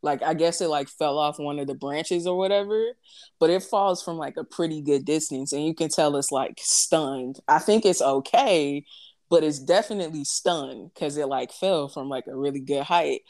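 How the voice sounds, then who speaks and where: A young woman hosting a casual chat, telling animated stories with many fillers. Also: low-pitched, moderate pace. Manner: animated storytelling, frequent fillers.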